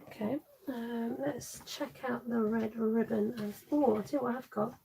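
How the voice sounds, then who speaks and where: A woman's voice: fairly high pitch, fairly even intonation, moderate pace, creaky, dark tone, slight background noise, rough recording. A middle-aged woman chatting through a live craft tutorial, laughing often and answering viewers as she works. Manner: chatty, laughing, reads viewer comments aloud. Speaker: stamping craft demonstrator.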